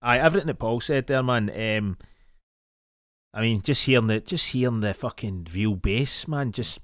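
A man's voice: medium pitch, normal speed, fairly bright tone, dry recording, studio quality. A Scottish man co-hosting a casual chat, blunt and sweary as he gives his opinions. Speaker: podcast co-host.

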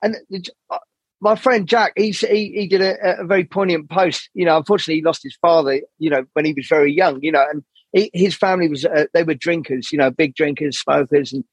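Man, high husky voice, dry close sound, sweary rambling podcast guest. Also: fairly quick, no echo. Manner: swears freely, animated rambling storytelling. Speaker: jazz saxophonist, podcast guest. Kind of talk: candid podcast conversation.

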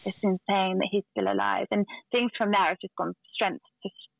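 A woman's voice: medium pitch, level tone, normal speed, gravelly, no echo. Woman on a tinny phone line. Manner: earnest, storytelling with restarts and fillers. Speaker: guest. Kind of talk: casual chat.

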